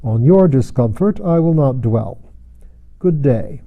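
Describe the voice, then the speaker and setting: A man voicing a huge, commanding president with a genial menace, speaking slowly and deliberately. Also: medium pitch, lively intonation, narrow, tinny audio. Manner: slow, deliberate, brisk and mocking.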